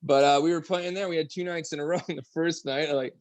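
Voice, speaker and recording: Fast-talking chatty man. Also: a little high, fairly even intonation, dry recording. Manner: quick, chatty, self-deprecating. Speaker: guest musician. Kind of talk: casual chat.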